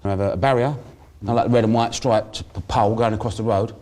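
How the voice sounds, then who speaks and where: A man's voice: fairly low pitch, steady tone, fast, a little mellow. A middle-aged man in casual planning talk, laying out a scheme and acting out scenes in quoted voices. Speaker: gang member planning a staged heist.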